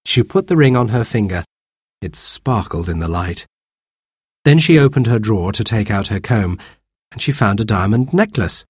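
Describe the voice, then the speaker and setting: A man reading a children's story aloud, clear and expressive. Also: lowish voice, moderate pace, dry recording, studio quality. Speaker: narrator.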